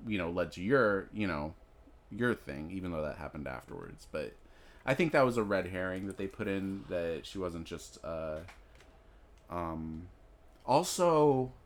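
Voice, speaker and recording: A man co-hosting a podcast, talking through his theories on a movie in a thoughtful, casual way with plenty of fillers. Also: deep voice. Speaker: podcast co-host.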